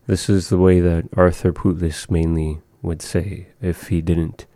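A man with a very low, mellow voice walks a learner through new words. He speaks slowly and patiently, modeling each word with care. The sound is dry and close. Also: little pitch movement, no room sound. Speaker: language teacher. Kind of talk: conversational language lesson.

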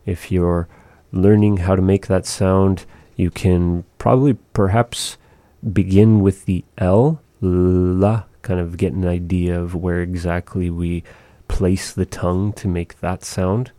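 Deep, mellow male language teacher; slow, patient, demonstrates sounds. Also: steady tone, no room sound. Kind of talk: explaining pronunciation.

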